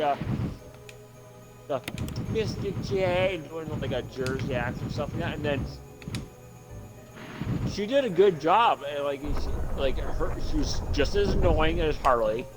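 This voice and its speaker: Excitable, rambling man over loud music. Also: a little high. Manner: rambling, excitable, swears freely. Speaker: gameplay commentator. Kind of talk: casual chat while playing a game.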